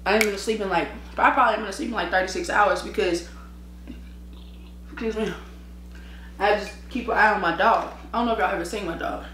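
A tired mukbang vlogger chats casually while eating on camera, telling slangy, animated stories with lots of laughter and eating and sipping between sentences. Her mid-range voice is fairly quick with long pauses, recorded on her own microphone in an echoey room with a little hiss or hum.

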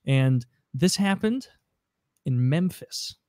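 A man co-hosting a podcast, making crude deadpan jokes in casual chat. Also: medium pitch, slow pace, noisy background. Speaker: podcast co-host.

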